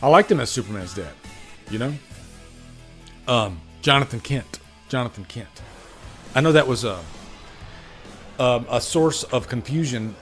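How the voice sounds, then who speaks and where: A man hosting a casual live stream, chatting animatedly about movies he saw and answering viewers. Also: mid-range voice.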